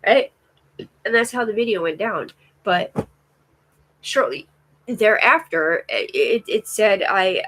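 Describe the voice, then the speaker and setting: A woman's voice: fairly high pitch, a bit bright, rough recording. A woman rambling through a live stream monologue, full of fillers and restarts, swearing often. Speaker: vlogger.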